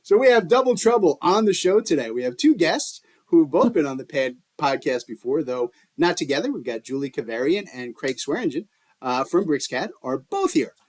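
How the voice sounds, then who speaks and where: Jokey, animated male podcast host. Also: on the high side, normal speed. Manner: jokey, playful, laughs often. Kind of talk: casual podcast chat.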